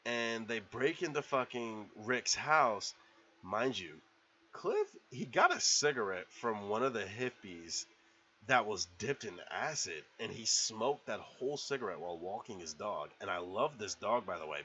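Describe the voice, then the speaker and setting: A man's voice: lowish voice, big pitch swings, normal speed, sharp tone, slightly rough. A man in a casual movie review vlog, retelling scenes in a rambling, profane, laughing way, on a slightly dull lo-fi recording.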